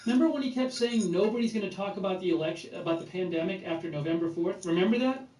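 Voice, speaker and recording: Sarcastic high-voiced man in echoey room. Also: fast talker, a little mellow. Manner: sarcastic, mocking repetition. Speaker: political commentator. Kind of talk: reaction commentary. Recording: echoey room, distant mic, noisy.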